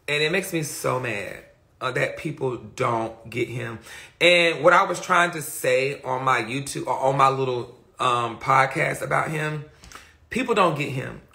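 A man's voice: medium pitch, a little slow, gravelly, bright, forceful tone. A man chatting casually on a phone livestream, answering viewer comments in a rambling, profane and emphatic way.

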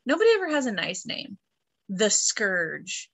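A woman's voice: medium pitch, big pitch swings, a little slow, gravelly, fairly bright tone, slightly rough. A woman co-hosting a podcast, reading history notes and throwing in joking asides in casual chat. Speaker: podcast co-host.

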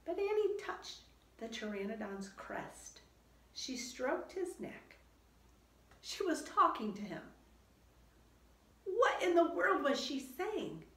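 A woman reading a children's storybook aloud in a slow, expressive storytelling manner. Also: high voice. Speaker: children's book reader. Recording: roomy echo.

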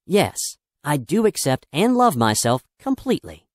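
A man's voice: fairly high pitch, very animated, measured pace, dry recording, clean studio sound. A man narrating a self-help audiobook in an upbeat, emphatic and encouraging manner.

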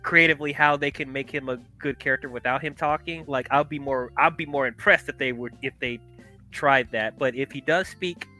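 A man's voice: medium pitch, brisk, sharp tone, faint music behind. A man in a casual podcast chat, blunt and emphatic.

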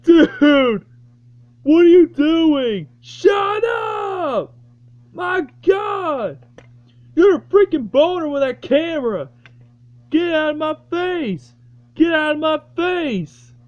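A shrill, whiny toy character throwing a yelling tantrum, voiced by a young man. His high voice drags out slow, complaining words. The sound is dull and lo-fi, like a home recording. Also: lively intonation, heavily acted. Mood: angry. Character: whiny hot-tempered male toy pin character.

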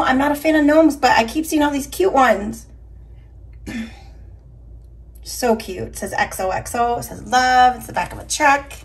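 A woman vlogger chatting casually through a shopping haul, upbeat and talking to her viewers, her voice a little scratchy. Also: a little high. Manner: chatty, upbeat, addresses viewers as y'all and you guys. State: slightly scratchy voice. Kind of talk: casual haul video chat.

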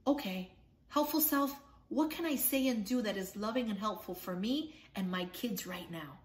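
A woman voicing an overwhelmed mother at the grocery store, who talks to herself in a low, hushed voice. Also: animated, normal speed, echoey room, distant mic, close to an everyday voice.

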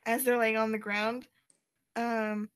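A young woman co-hosting a podcast, chatting briskly as she recaps a comic and quotes the characters in lively voices. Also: a little high, clean tone. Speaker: podcast co-host. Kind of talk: casual comic retelling.

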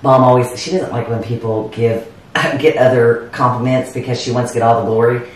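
A woman's voice: rumbling low, a little fast, recorded from a distance. A woman tells family stories with plenty of energy, acting out each quote as she goes. Her voice sounds set back from the mic in a very echoey room, and a faint hum of ambience sits underneath. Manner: animated storyteller, acts out family quotes. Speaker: co-host. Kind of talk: casual chat over bourbon tasting.

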